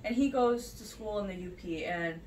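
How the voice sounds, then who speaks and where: A woman's voice: mid-range voice, normal speed, darkish tone. A young woman on a podcast, bluntly telling an anecdote with some swearing. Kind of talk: casual chat. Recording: far from the mic with faint noise.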